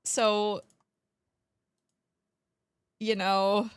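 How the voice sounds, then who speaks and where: Casual young woman streamer: slow, relaxed delivery, laughs often, casually profane. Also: medium pitch, smooth. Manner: giggly, swears casually, playful. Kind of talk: casual livestream chat.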